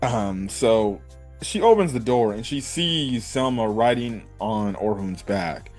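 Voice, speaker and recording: A man's voice: lowish voice, expressive, slow pace, a little mellow, soft background music. A man giving a casual, rambling anime episode review, full of fillers and slang.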